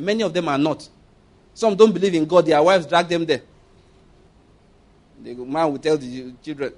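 A male preacher delivering a sermon, his voice sitting a little high. He tells stories and jokes with emphasis and acts out what people said. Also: darkish tone. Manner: storytelling with jokes and acted quotes, emphatic.

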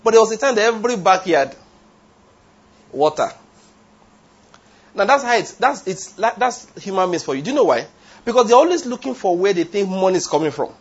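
A man's voice: sits high, big pitch swings, fairly quick, pauses often, slightly rough. A man preaching a sermon, emphatic, asking the congregation rhetorical questions and drifting into tangents. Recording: dull lo-fi sound.

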